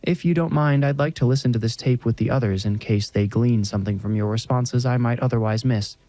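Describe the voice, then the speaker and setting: A man's voice: mid-range voice, fairly quick, mellow, no room sound, lightly acted. A man voicing a formal, slightly condescending woman ghost hunter in a horror story. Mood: prim. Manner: prim, formal, a bit condescending.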